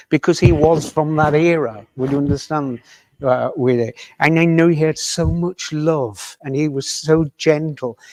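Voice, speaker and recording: A man with a fairly high voice gives a mediumship demonstration to an audience in a village hall. He speaks gently and tentatively, pausing to check with the listener. The sound is close and dry, with no room echo.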